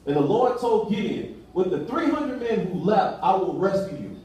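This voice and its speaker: A man's voice: high-pitched, big pitch swings, normal speed, warm tone. A man preaching a sermon in a casual, colloquial way, acting out dialogue as he goes. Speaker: pastor. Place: church hall. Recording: echoey room from far off the mic.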